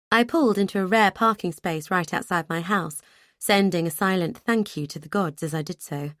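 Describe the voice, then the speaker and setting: A woman narrating a first-person audiobook in a measured way, with lively dialogue. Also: on the low side, dry recording, studio quality.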